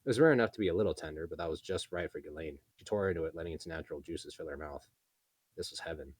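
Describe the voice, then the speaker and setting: A low-voiced man reads a fantasy light novel aloud, steady and even, now and then fixing a slip. His voice is husky. The sound is close and dry. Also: fast talker, dry recording. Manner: steady reading with small slips and self-corrections. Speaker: narrator.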